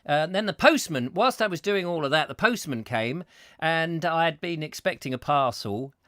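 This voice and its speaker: A man telling rambling comic stories with a lively, sing-song voice that leaps up and down. His tone is bright and cutting, sitting a little high for a man. The sound is dry and close. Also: normal speed, no echo. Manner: playful, punning, slips into silly voices. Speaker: host. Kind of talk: comic rambling chat show monologue.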